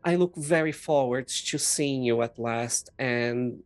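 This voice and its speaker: A woman giving voice to a young lord, earnest and sentimental as he speaks to his sister. the voice is extremely low and slow, with a dry, close sound. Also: dry recording, faint music behind. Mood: affectionate. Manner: warm-hearted, sentimental, earnest. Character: young nobleman lord, affectionate older brother.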